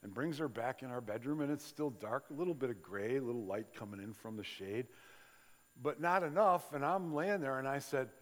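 A man's voice: mid-range voice, brisk. An older man preaching a sermon in a large church, telling stories conversationally and acting out the people in them. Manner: conversational storytelling with acted-out quotes. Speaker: pastor. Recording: long reverb of a large hall.

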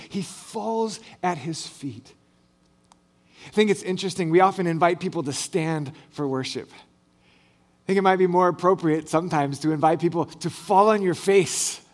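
Expressive preacher, a man with a higher voice. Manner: expressive preaching, swelling on big phrases and dropping low and soft at line ends; light humor between scripture readings. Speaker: pastor. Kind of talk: sermon.

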